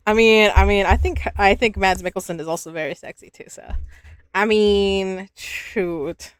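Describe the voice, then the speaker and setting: A woman's voice: mid-range voice, no room sound. A woman in her twenties streaming and chatting casually, giggly and full of restarts, her throat dry and scratchy. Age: 20s. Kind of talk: casual live-stream chat.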